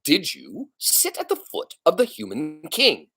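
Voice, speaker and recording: A man voicing a stern, pompous elder head mouse who hands down judgments slowly. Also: huge pitch swings, pushed and bright, husky, exaggerated voice. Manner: slow, booming, pompous pronouncements.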